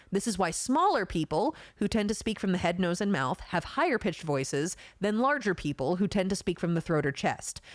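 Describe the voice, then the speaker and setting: A woman voice actress calmly explaining vocal technique in a methodical, teacherly way. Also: lowish voice, no echo, clean studio sound. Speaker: voice actress guest.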